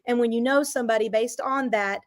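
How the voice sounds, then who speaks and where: A middle-aged woman with a fairly high voice talks as a business coach on an interview show. Her delivery is energetic, emphatic and motivational. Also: brisk. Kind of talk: casual interview chat.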